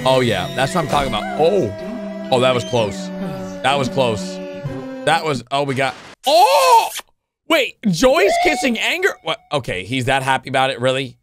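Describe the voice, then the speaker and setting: A reaction video host giving excited commentary, exclaiming and firing off questions constantly as clips play. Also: mid-range voice, moderate pace. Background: video clip audio with music.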